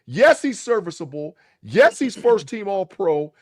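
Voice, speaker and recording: Animated high-voiced man ranting. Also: unhurried. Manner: emphatic, animated, blunt. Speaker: podcast co-host. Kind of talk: casual sports debate.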